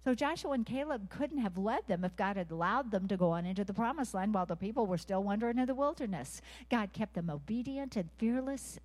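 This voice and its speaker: A woman preaching a sermon to a women's gathering, asking the audience earnest questions and leading them in call and response, sometimes dropping to a hushed whisper. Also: mid-range voice, animated, fairly quick, few pauses.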